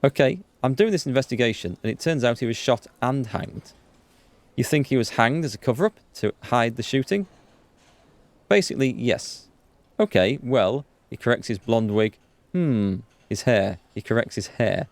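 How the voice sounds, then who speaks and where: A man hosting a let's play, reading the game's dialogue aloud with quick asides to viewers. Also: creaky, no echo. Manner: reads dialogue aloud with quick asides, jumps in pitch when excited. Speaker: gaming channel host.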